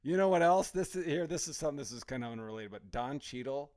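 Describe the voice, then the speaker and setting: A man's voice: a little high, animated, quick pace, a little mellow. A man co-hosting a podcast, telling a ranting story in casual chat. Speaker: podcast co-host.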